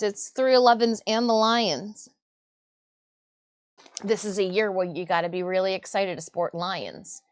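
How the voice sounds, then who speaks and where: A woman's voice: a little high, no echo. A woman hosting a casual live stream, rambling and chatty as she sorts craft supplies, with self-mocking asides. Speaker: livestream host.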